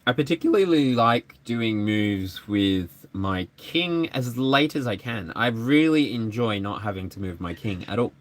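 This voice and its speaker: A man's voice: mid-range voice, lively intonation, unhurried, hardly any pauses. A man giving a live tarot energy reading, chatty and playful. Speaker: tarot reader.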